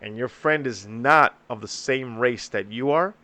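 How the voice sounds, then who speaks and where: A young man talks on his podcast, swearing freely and telling stories with lots of energy. His voice sits at an ordinary pitch for a man. The chat is loose and casual. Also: measured pace, dry recording. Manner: profane, animated storytelling. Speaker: podcast host.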